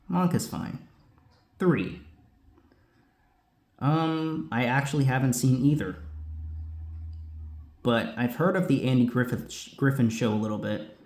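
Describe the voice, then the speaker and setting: A man's voice: mid-range voice, measured pace, long pauses. A man casually chatting as a host answering viewer questions, rambling with lots of asides. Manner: lively, rambling, many asides. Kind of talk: casual chat. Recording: roomy echo.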